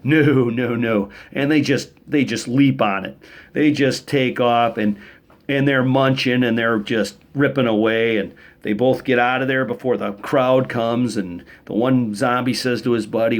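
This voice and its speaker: A man vlogging in a loose, conversational way, cracking jokes as he wanders from one story to the next. His voice sits at an ordinary middle pitch, and he often stops and restarts his sentences. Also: fairly even intonation, a little slow. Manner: chatty, jokey, rambling with restarts. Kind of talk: casual rambling weekly vlog.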